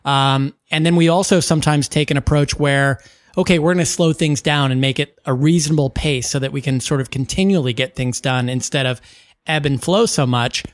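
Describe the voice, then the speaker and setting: A man co-hosting a podcast in casual chat, thoughtful and measured, with frequent ums. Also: on the high side, no room sound, clean studio sound. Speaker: podcast co-host.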